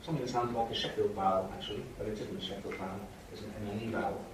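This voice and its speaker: A man's voice: fairly low pitch, fairly even intonation, rapid-fire. Man lecturing in an echoey hall. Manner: explanatory, checks in with "okay?" and "right?". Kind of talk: university lecture. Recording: echoey hall from far off, faint noise.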